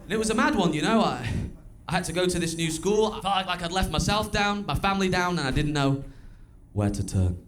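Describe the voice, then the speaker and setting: A man's voice: sits high, lively intonation, a little fast, noisy background. A young man doing a live stand-up set in a small club, telling crude self-mocking stories in a chatty way on a stage mic. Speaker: stand-up comedian. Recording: echoey club room with music.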